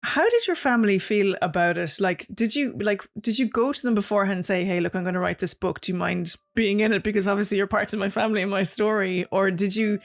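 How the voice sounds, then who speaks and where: A woman hosting a podcast, asking questions and reacting with enthusiasm. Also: medium pitch. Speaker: podcast host. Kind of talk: conversational interview.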